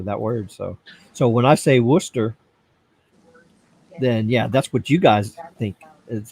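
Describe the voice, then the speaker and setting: A man's voice: medium pitch, a little mellow, breathy edge. A man hosting a casual livestream, chatting loosely and reading viewer comments aloud. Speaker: livestream host.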